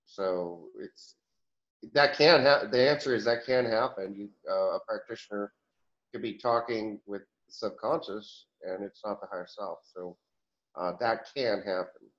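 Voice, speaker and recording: A man speaking as a channeled higher self in a question-and-answer session, rambling with restarts and chuckles. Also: measured pace, a bit bright, highs cut off.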